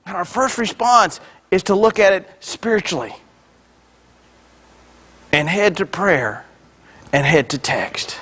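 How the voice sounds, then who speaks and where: A male pastor with a high-pitched voice preaches a sermon with energy. He builds to loud, forceful peaks on the points he stresses, then slips into joking asides to the congregation. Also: lively intonation, a little slow, long pauses, husky.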